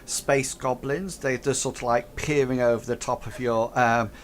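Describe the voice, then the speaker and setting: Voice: mid-range voice, fairly even intonation, normal speed, slight background noise. A game master narrating a tabletop game, hesitant and full of fillers.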